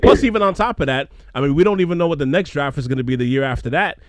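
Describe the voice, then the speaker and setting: A man's voice: on the high side, very fast, no echo, studio quality. A man co-hosting a casual sports talk show, giving earnest, hedging analysis. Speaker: co-host.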